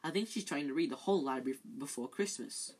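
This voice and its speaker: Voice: mid-range voice, animated, fast talker, close to an everyday voice. A reader voicing a frantic teenage boy student who grumbles about his homework. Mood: grumbling. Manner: complaining, desperate.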